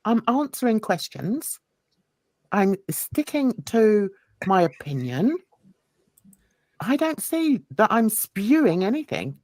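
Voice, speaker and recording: A woman's voice: on the high side, big pitch swings, slow pace, pauses often, darkish tone, no room sound. A woman hosting a casual chat, mocking and laughing as she reacts to clips. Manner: mocking, laughing, sarcastic asides. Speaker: host.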